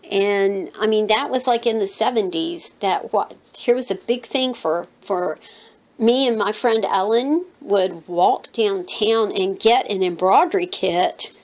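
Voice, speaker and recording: A Southern woman in her fifties from North Carolina talks through her handmade journal piece by piece. Her voice has a gravelly fry, and her delivery is chatty and wandering, full of ums and asides as she thinks aloud. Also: medium pitch, poor audio. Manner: chatty, rambling, thinks aloud with many fillers. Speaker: mixed media artist showing her handmade journal. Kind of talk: casual show-and-tell chat.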